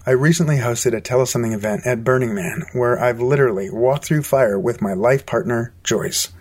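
Male host, upbeat scripted outro, mid-pitched voice. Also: fairly quick, a little mellow.

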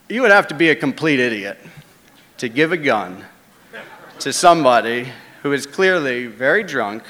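A man telling a first-person story, swinging between hushed asides and loud dramatic beats. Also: mid-range voice, big-room sound.

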